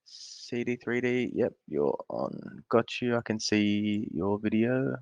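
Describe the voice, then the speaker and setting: An Australian man with a low voice hosts a casual live Q&A in a friendly, easygoing way. His voice is dry and close, and it comes through the dull, lo-fi audio of a video call. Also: lively intonation, slow pace, a little mellow, no echo. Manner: laid-back, chatty, friendly. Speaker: AMA host. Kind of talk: casual live-stream Q&A hosting.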